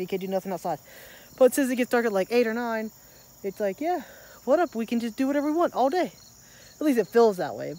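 A woman's voice: medium pitch, darkish tone. A young woman vlogging at her rural home, chatting in a rambling way and talking to her pets. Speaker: daily vlogger. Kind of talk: casual vlog chat.

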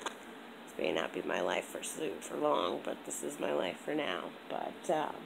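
A young woman chatting on a home vlog, rambling and animated, with a congested throat. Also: extremely low pitch, a little slow, creaky, noisy background. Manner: rambling, animated storytelling with lots of "like". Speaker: vlogger. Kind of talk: casual vlog chat.

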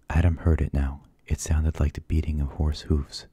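A man reads a spooky book aloud in a soft-spoken ASMR style. His voice is very deep, dark and husky, sometimes sinking into a whisper. The recording is close and dry. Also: completely flat delivery, normal speed, few pauses, no echo. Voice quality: soft, hushed, partly whispered. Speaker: ASMR storybook reader.

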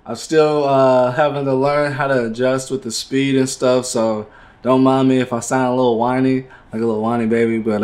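A young man, a gaming streamer, chatting casually as he wraps up a livestream, relaxed and talkative, often saying "man". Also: mid-range voice. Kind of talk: casual livestream outro chat.

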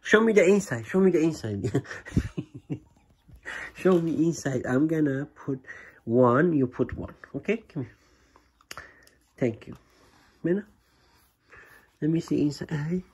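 A man talking to his small daughter at home in a home vlog, patient and gently coaxing, in simple broken English. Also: fairly high pitch, lively intonation, takes it slowly, long pauses, husky. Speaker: father filming his young daughter. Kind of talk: casual home vlog talk to a child.

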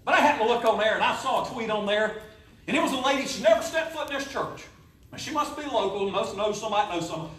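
A pastor, preaching a folksy, joking sermon in a church. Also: male voice, high voice, lively intonation, quick pace. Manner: folksy, joking preaching with sudden loud rises. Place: church sanctuary. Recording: echoey church, voice from a distance.

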